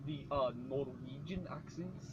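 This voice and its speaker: A man co-hosting a podcast, tossing in quick jokey remarks in profane casual chat, on a muffled, noisy recording. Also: a little high. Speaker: podcast co-host. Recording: muffled with background noise.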